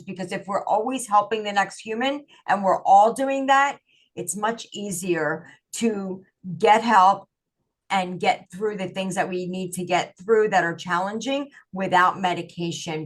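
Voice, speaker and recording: A woman who is a life coach, talking earnestly and encouragingly as a guest on a podcast interview. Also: medium pitch.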